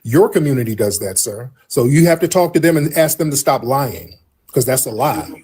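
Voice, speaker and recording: A man's voice: mid-range voice, lively intonation, moderate pace, a little mellow, husky. A man hosting a heated debate, insistent and repeatedly calling the other man "sir". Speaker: podcast host. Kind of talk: heated live-stream debate.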